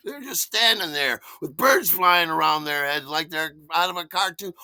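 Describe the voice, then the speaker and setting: A man in his sixties, the host, telling a personal story in a theatrical, animated way that swings from loud to hushed. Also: fairly high pitch, normal speed, few pauses, dry recording. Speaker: podcast host.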